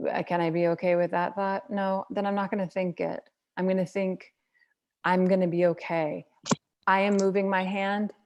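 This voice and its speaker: A woman's voice: fairly low pitch, dark tone. A woman from the United States, a holistic health practitioner, giving earnest, blunt advice in casual conversation and swearing freely.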